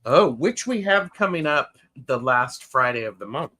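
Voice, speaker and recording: A man's voice: mid-range voice, big pitch swings, moderate pace, pushed and bright. A man co-hosting a livestream, teasing his friend and reading viewer comments over a video call. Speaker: co-host. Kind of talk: casual livestream chat.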